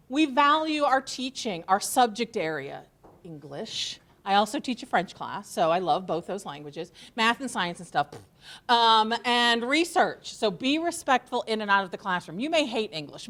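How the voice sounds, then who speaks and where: Give me a woman college instructor addressing new students with dry sarcasm and a very animated voice. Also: medium pitch. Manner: sarcastic and joking. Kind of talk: orientation talk to students.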